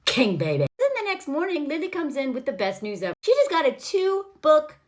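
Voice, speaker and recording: A high-voiced woman tears through a film recap with blunt sarcasm. Her pitch swoops widely, and she laughs often and swears freely. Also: sing-song, brisk. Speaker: vlogger, film commentator.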